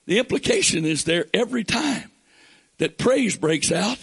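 A man delivering a fervent sermon in a notably high voice. His tone is gravelly and breathy-husky, and he reads scripture aloud between passages of explanation that build into shouts. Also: big pitch swings, measured pace. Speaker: preacher.

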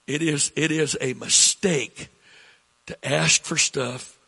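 A middle-aged man preaching a sermon as pastor, slow and repetitive, rising in pitch when he presses a point. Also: fairly even intonation, creaky, bright, forceful tone, breathy edge. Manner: slow, repetitive preaching, rising with emphasis, coughs between lines.

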